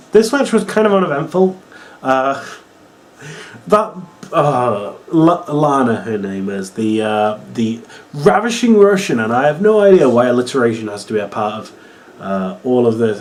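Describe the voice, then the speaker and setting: A young man giving a casual, exasperated review full of sarcasm and fillers like "uh" and "like". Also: mid-range voice. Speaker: wrestling reviewer.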